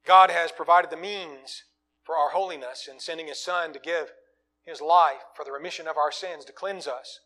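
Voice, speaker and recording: Preacher guy, fairly high voice, gets loud then drops way down soft. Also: fairly even intonation, normal speed. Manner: swings from loud emphatic lines to quiet low asides. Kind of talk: sermon.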